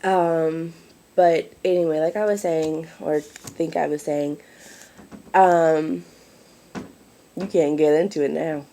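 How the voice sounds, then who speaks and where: A woman's voice: low-pitched, steady tone, slow, long pauses, dark tone, slight background noise. A woman, out of breath and wheezing, rambling apologetically in a casual home vlog. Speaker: mother vlogging. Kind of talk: casual chat to camera.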